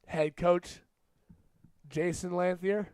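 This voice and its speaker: A young man giving casual, jokey play-by-play commentary on a school rugby match, now and then shouting at big plays. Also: sits high, fairly even intonation, slow pace, smooth, dry recording.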